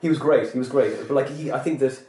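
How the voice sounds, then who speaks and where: A man's voice: medium pitch, fast talker, dark tone. A man hosting a casual podcast chat, rambling through his points with lots of fillers and swearing. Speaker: podcast host. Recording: roomy echo.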